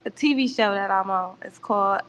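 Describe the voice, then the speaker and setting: A woman's voice: mid-range voice, fairly quick, fairly bright tone, a little hiss or hum. A woman who is running for city council, speaking as an easygoing guest on a live-stream chat. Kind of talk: casual live-stream interview.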